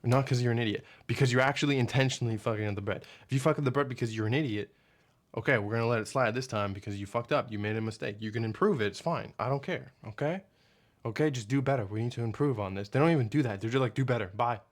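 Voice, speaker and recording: A man's voice: mid-range voice, quick pace. A young man ranting casually to camera as a vlogger, rambling and profane, often losing his train of thought. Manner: acts out his boss in a hushed mock voice.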